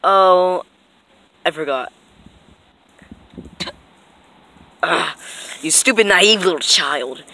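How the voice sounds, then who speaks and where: A sinister nightmare villain, put on by a woman, creeps through a fan cartoon in a hushed, mocking half-whisper. The voice sits low yet sounds bright and edgy, with swoops of pitch as it taunts. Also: lively intonation, takes it slowly, creaky, no room sound, heavily acted, poor audio. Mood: taunting. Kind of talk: amateur voice acting for a fan animation.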